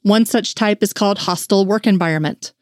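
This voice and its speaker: A woman voicing a stern, gruff male FBI supervisor who speaks curtly in an audiobook-style fan fiction reading. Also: medium pitch, brisk, a little mellow, no echo, studio quality, lightly acted. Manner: growling, curt.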